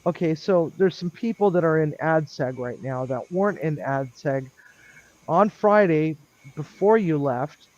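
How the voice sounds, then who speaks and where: A man's voice: a little high, unhurried. Chatty man rambling through a story. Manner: chatty, lots of ums, animated when quoting others. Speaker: live streamer telling a work story. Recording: dull lo-fi dry sound.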